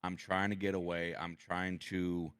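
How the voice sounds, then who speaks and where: A man, a podcast guest, talking about his past in halting sentences and often repeating his words. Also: sits low, little pitch movement, a bit bright, clean tone, dry recording. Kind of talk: personal interview conversation.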